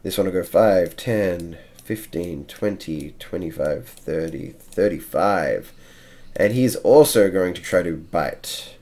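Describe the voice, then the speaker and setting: Slow, deep-voiced male game master. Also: expressive, a little mellow. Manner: measured, counting out moves step by step. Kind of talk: narrating a tabletop game.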